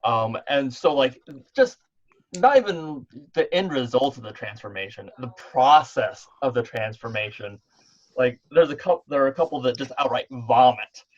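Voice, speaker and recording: A man's voice: mid-range voice, expressive, normal speed, dull audio. A man running an online tabletop game as game master, talking in a rambling way full of fillers and restarts. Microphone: online voice call.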